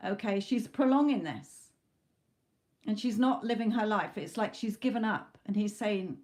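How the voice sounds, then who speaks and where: A woman's voice: mid-range voice, normal speed, a little mellow. A woman doing a live psychic tarot reading, earnest, often checking in with "okay?" as she relays messages. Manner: relays messages from a spirit in first person. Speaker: tarot reader.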